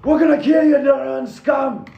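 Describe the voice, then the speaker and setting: A man voicing a snarling male trooper made of fire, shouting threats in a high, strained voice. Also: normal speed, gravelly, a crowd in the background. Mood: menacing. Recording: roomy, dull lo-fi recording.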